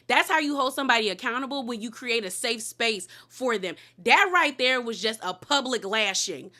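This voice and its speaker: A woman giving a casual, slangy, emphatic recap of a reality TV episode, quick to laugh. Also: on the high side, lively intonation, sharp tone. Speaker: TV show recap host.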